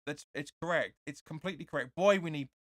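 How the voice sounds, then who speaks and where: A man hosting a fan watch-along, giving live match commentary and reading viewer comments. He is excitable and opinionated, and keeps insisting "sorry, but no.". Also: on the high side, fast, no echo, clean studio sound.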